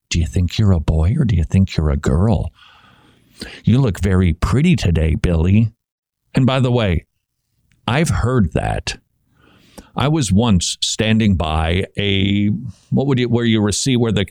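A man hosting a faith talk show speaks earnestly about scripture, his pitch rising and falling in a lively way. He often stumbles, repeats words and restarts his thoughts. The sound is dry and close, with no room around it. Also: no echo. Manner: earnest, stammers and restarts when thinking. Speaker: Christian podcast host. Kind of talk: casual Bible commentary.

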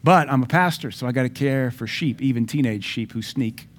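A man preaching a sermon as pastor, emphatic, swinging between loud declarations and quieter asides. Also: mid-range voice, fairly quick.

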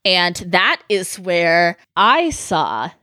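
A woman's voice: on the low side, big pitch swings, drawn-out words, sharp tone, no echo, clean studio sound. A young woman co-hosting a podcast, telling a story in casual chat, with many "like" fillers, frequent laughs and swearing. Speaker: podcast co-host.

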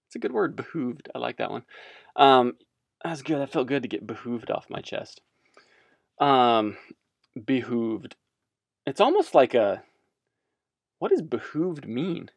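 A man's voice: medium pitch, big pitch swings, a little slow, gravelly, pauses often, slightly rough, no room sound. A man giving casual religious commentary as a podcast host, rambling and self-amused, wandering off on tangents.

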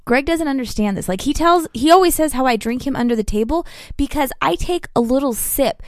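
A woman's voice: high-pitched, expressive, brisk, no echo, clean studio sound. A woman co-hosting a casual podcast, jumping in playfully and defending herself. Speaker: podcast co-host. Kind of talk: casual chat.

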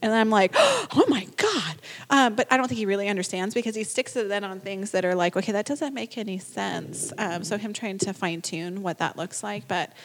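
A woman's voice: medium pitch, fairly quick, hardly any pauses. A woman telling a frank, chatty story as a parent. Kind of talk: casual storytelling.

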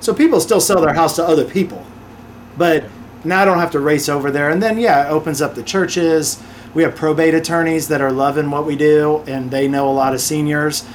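A man with a slightly higher voice than most talks through his experiences as an interview guest. He tells each story with animated energy and slips into quick impressions of other people along the way. A faint hiss sits under the recording. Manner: animated, acts out customers' voices in quick asides. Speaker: podcast guest, real estate investor and author.

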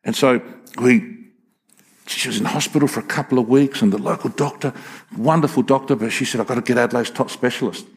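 A man's voice: medium pitch, brisk, creaky, breathy edge. A man, preaching a sermon in a folksy, emphatic storytelling way with frequent restarts. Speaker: pastor.

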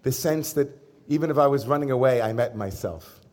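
A man, a rabbi, giving a sermon to a congregation, telling a personal story in a casual, humorous way with pauses and fillers. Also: mid-range voice, a little mellow. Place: synagogue service before a congregation.

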